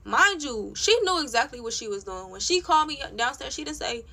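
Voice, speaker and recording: A young woman vlogger with a high, sing-song voice, a brisk pace, vocal fry and a sharp tone tells a story in a casual rant. It comes out blunt, profane and heated, with "like" scattered all through it.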